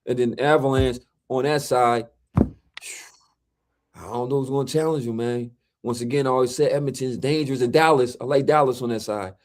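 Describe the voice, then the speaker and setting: Brief: male podcast co-host, slangy and emphatic, keeps repeating himself, average pitch. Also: fairly even intonation, a little fast. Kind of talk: casual sports and movie chat.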